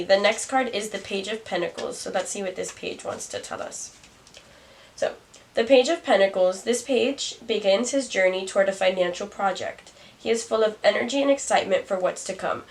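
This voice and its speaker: Reading tarot casually for the camera, a young woman muses aloud and chuckles at her own remarks. She has a mid-range voice with vocal fry, and the recording comes from a distant mic carrying a little noise.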